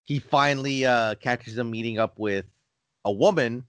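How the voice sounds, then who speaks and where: A man's voice: medium pitch, normal speed, clean tone, dry recording. Guy co-hosting a movie podcast, kinda hesitant, lots of fillers, mid voice, dry close mic. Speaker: podcast co-host. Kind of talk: casual film discussion.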